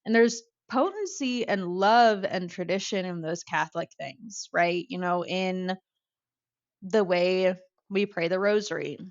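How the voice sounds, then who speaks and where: An American woman talking casually as a podcast guest, lively and acting out other people's voices as she tells things. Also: lowish voice, a little slow. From United States. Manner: animated, acts out quoted voices. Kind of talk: casual conversation. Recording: slightly dull lo-fi audio.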